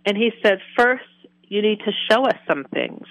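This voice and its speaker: A woman guest in an interview, telling a personal story in animated detail and acting out her own reactions with laughs. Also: medium pitch, normal speed, dry recording, lo-fi sound. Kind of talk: personal testimony.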